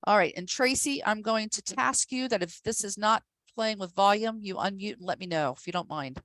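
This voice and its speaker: A woman's voice: medium pitch, normal speed, a bit bright, no room sound. A woman presenting a professional development workshop to teachers, upbeat and emphatic, speaking directly to her audience.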